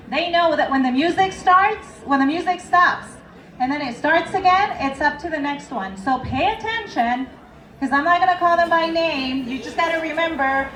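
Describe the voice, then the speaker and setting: A woman's voice: sits high, a bit bright, a little hiss or hum. A woman emceeing a live contest in a bar, with upbeat, playful banter. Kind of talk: live event hosting. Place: crowded bar venue. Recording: echoey crowded room from far off.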